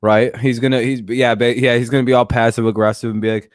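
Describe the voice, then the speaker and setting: A man hosting a loose sports talk stream in a dry, close sound. He rambles, restarts his sentences and swears freely while joking about players. His pitch sits at an ordinary middle level. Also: level tone, fast, smooth, dry recording. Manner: frequent fillers and restarts. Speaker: host.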